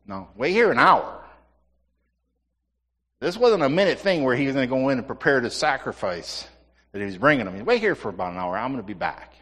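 A man's voice: medium pitch, big pitch swings, fast, a bit bright, in a large hall. A middle-aged male pastor preaching a conversational sermon, with playful asides to his congregation. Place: church sanctuary.

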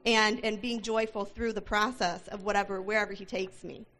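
A middle-aged woman giving a church testimony, telling her story in an animated way and acting out the dialogue. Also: medium pitch, normal speed. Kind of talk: testimony sermon.

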